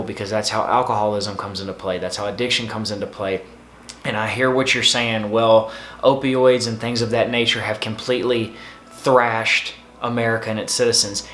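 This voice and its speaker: A man's voice: lowish voice, fairly bright tone, reverberant, a little hiss or hum. A man hosting his own channel, giving earnest, repetitive, pleading advice. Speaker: host.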